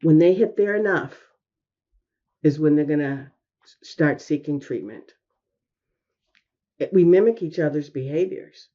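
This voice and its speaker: A woman's voice: deep voice, lo-fi sound. A woman, a mother, telling her family's story candidly in an interview, acting out quoted lines with earnest feeling. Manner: earnest, animated retelling with quoted dialogue. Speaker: guest, parent of a son with addiction.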